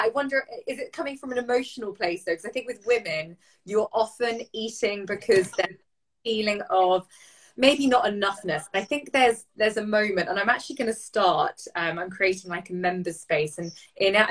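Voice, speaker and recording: Chatty woman coach, loads of likes and ums, mid pitch. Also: fairly bright tone, rough recording. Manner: chatty, frequent fillers, voices inner thoughts playfully. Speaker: coach and co-host. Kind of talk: casual podcast chat.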